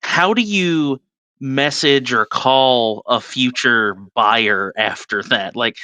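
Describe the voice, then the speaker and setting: A man's voice: mid-range voice, slow, pushed and bright. A young man co-hosting a podcast, chatting casually in a blunt, sarcastic way. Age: young adult. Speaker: podcast co-host. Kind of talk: casual chat.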